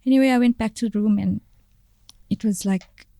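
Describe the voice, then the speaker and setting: A woman, a podcast guest telling a personal story in a halting way, searching for words and repeating phrases. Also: medium pitch, creaky, dark tone, dry recording, studio quality.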